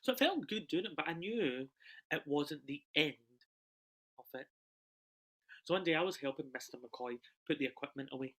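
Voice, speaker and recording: Bright-voiced young man in an emotional monologue. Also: fairly high pitch, animated, moderate pace, long pauses. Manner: emotional, swinging between loud bursts and hushed lines. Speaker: solo performer. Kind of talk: autobiographical stage monologue. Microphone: video call.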